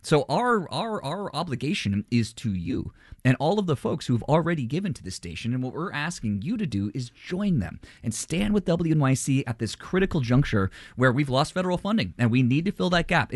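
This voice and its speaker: A man's voice: medium pitch, dry recording. A man hosting a public radio pledge drive, making an earnest appeal to listeners. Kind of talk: fundraising pitch. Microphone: studio microphone.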